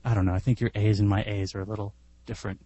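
A man with a mellow, slightly husky voice guests on a casual podcast. He tells lively, self-deprecating anecdotes into a close, dry mic. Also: lowish voice, racing, dry recording, muffled recording.

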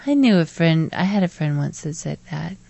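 Lady cohost chatting away about her kid, kinda low voice, dry close mic. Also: expressive, normal speed, creaky, dark tone, no room sound. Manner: chatty and playful, telling stories about her child. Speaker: podcast co-host. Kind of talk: casual chat.

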